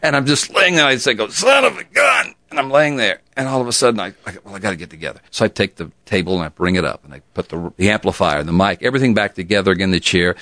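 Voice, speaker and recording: An older former radio DJ from Charleston, South Carolina, telling stories in an interview and acting out the voices in them. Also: male voice, low-pitched, racing, few pauses, no echo. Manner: animated storyteller who acts out the voices of the people in his stories. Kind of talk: oral-history interview storytelling.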